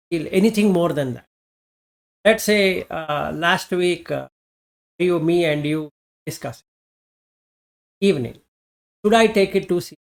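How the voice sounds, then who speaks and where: A Dhamma teacher giving an informal Buddhist teaching, reflective and halting, asking rhetorical questions and then answering them. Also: medium pitch.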